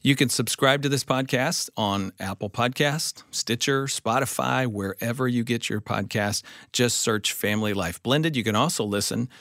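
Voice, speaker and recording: A man's voice: mid-range voice, moderate pace, few pauses, fairly bright tone, dry recording, clean studio sound. A man hosting a podcast, reading announcements and sponsor thanks in a friendly promotional way. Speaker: podcast host. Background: music.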